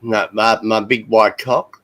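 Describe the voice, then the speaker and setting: A middle-aged Australian man hosting a casual livestream, loud and brash and swearing freely. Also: on the low side, fairly even intonation, slow pace, poor audio. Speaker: stream host.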